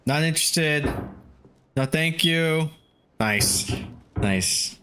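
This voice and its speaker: A man's voice: a little high, animated, very slow, noisy background. A man casually commenting while streaming a video game, cursing and laughing often. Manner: loose, profane, laughs often.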